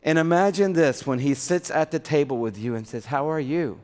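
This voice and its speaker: A man's voice: a little high, animated, a little fast, darkish tone. A man preaching a sermon in an earnest, conversational way, with a long hall reverb behind him.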